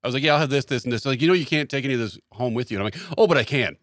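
A man co-hosting a podcast in casual banter, tossing in quick wisecracks and acting out quoted lines. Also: medium pitch, a bit bright, no room sound, clean studio sound. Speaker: podcast co-host. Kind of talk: casual chat, jokey banter.

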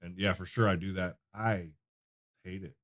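Low-voiced man telling stories casually. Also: steady tone, moderate pace, a bit bright. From United States. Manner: loose storytelling with frequent fillers and restarts. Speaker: podcast guest, donut shop owner. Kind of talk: casual conversation.

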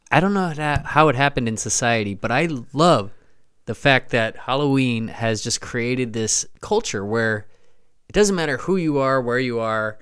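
A man's voice: mid-range voice, fairly bright tone, clean tone. A man in his thirties co-hosting a podcast, chatting casually and telling stories with enthusiasm. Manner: enthusiastic, laughing storyteller. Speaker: podcast co-host. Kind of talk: casual chat.

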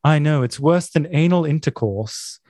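A man's voice: fairly high pitch, moderate pace, darkish tone, no echo, studio quality, natural voice. A man voicing a brassy party-girl best friend in a flippant, bawdy way.

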